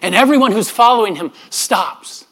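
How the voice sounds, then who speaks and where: A middle-aged man, a pastor, preaching a sermon in an earnest manner, often dropping his voice softly and repeating words as he goes. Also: high-pitched, expressive, moderate pace. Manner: earnest, with frequent soft drops and repeated words.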